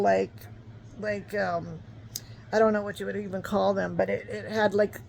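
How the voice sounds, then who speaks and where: A woman's voice: medium pitch, vocal fry, slight background noise, low-quality recording. A woman in her fifties telling a personal story in a rambling, conversational way, full of fillers and restarts. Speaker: vlogger.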